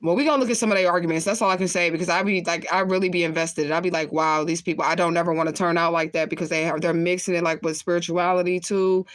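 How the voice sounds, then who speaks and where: A woman's voice: on the low side, fairly even intonation, quick pace, hardly any pauses, no room sound. A woman chatting casually on her livestream, rambling and cursing, laughing often as she smokes between thoughts. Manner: talks while lighting and smoking. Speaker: spiritual reader on a livestream.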